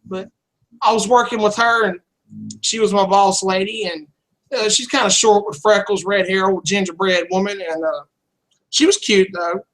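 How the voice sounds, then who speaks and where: A man's voice: high-pitched, fairly even intonation, moderate pace, fairly bright tone, poor audio. A man telling a candid personal story in casual chat, rambling and blunt, swearing freely. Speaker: channel host.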